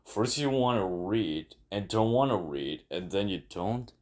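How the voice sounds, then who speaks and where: A man's voice: on the low side, lively intonation, measured pace, a little mellow. A man voicing a fussy, nagging cartoon man in a fan animation dub, scolding in a plain voice.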